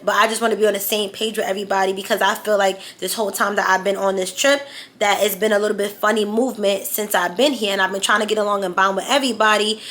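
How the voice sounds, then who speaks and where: A woman's voice: mid-range voice, a bit bright. A woman vlogger telling a story-time tale in a blunt, profane, heated way.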